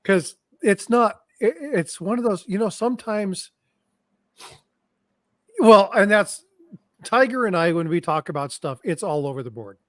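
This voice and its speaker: A man hosts a live stream chat, laughing easily and reacting to comments as they come in. His voice sits a little high and he speaks slowly, recorded close and dry with no room sound. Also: animated, dry recording. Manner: giggly, laughs often, reads chat comments.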